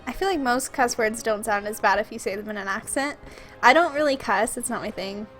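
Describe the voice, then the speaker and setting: A woman's voice: fairly high pitch, brisk, a bit bright, faint music behind. A young woman from Minnesota with a Minnesotan accent, chatting and giggling casually as she streams a video game. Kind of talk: casual chat while playing a video game.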